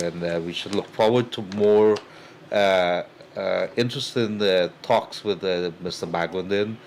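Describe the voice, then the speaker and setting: A man's voice: low voice, a little hiss or hum. A man hosting a talk show, closing the program with thanks and chatty remarks full of fillers. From Guyana. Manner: chatty, many fillers, thanks guests warmly. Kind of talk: talk show host wrap-up.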